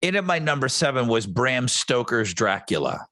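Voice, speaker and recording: A man co-hosting a podcast, riffing on movies in a crude, animated way and swearing often. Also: medium pitch, normal speed, no echo. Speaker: podcast co-host. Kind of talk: casual chat.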